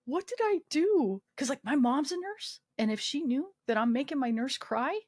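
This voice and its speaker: A woman sits for a casual interview and spins a personal story, slipping in and out of the voices of the people in it. Her voice sits slightly high for a woman. The recording is close and dry. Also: moderate pace, no room sound. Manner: animated storyteller acting out quoted dialogue, frequent swearing and laughs. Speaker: guest, army veteran.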